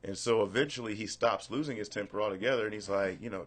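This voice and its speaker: Low-voiced man hosting a chat. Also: fast talker. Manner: loose storytelling, laughs at himself. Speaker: podcast host. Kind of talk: casual chat.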